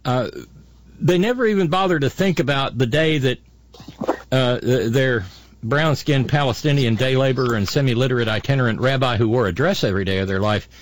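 An older man hosts a podcast of casual political commentary, speaking in a sarcastic, mocking way with lots of ums and restarts. His voice is mid-range and a little fast.

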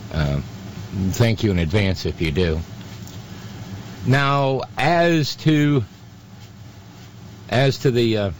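Slow, halting sarcastic male talk host. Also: lowish voice, a little hiss or hum. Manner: halting and sarcastic, heavy with fillers. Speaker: radio talk show host. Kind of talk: political commentary.

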